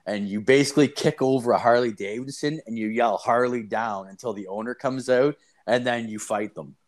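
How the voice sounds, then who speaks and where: Young adult male podcast host; casual, profane storyteller, mid-pitched, animated when quoting. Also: moderate pace. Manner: rambling, profane, animated retelling with quoted voices.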